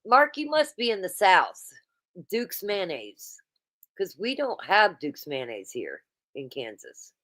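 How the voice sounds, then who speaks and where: A woman's voice: medium pitch, very animated, slow, fairly bright tone. A woman hosting a casual livestream, chatting and reading viewer comments aloud. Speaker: livestream host.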